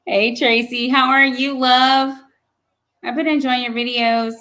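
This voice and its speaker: A young woman chats casually on a livestream, teasing viewers and laughing often. She speaks at an easy, slow pace. Her voice sits a little high. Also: sharp tone. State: pregnant. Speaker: livestream host reading chat. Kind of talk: casual live chat.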